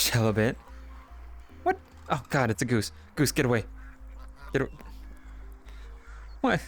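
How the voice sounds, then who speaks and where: While playing a game on a live stream, a man chats casually in a playful, excitable way. He giggles often and his pitch jumps up suddenly.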